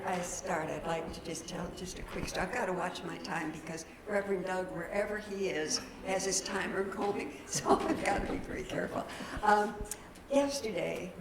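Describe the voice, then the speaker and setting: A woman's voice: lowish voice, moderate pace. A woman minister, giving a chatty, folksy sermon in a church. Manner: chatty, folksy, laughing at her own slips. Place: church sanctuary. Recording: roomy church hall with background noise.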